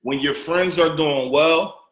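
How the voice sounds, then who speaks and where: A man hosting a casual podcast interview, talking in an emphatic, animated way. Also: on the high side, slow. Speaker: podcast host. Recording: echoey room.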